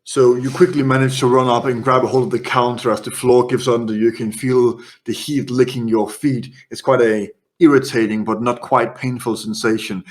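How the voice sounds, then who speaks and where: A man running a horror tabletop game as game master, narrating scenes in quick descriptive bursts. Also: mid-range voice.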